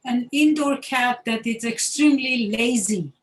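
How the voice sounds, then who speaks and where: A woman with a fairly high voice answers slowly in an online workshop. She is tentative and laughs between her answers. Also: a little hiss or hum, poor audio. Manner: giggly, tentative. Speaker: workshop participant. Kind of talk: casual discussion.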